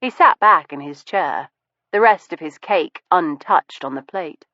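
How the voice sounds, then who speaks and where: A woman's voice: lowish voice, expressive, measured pace, bright, forceful tone, dry recording. A woman narrating a period mystery audiobook in the first person, arch and precise in manner. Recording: dull, muffled studio recording.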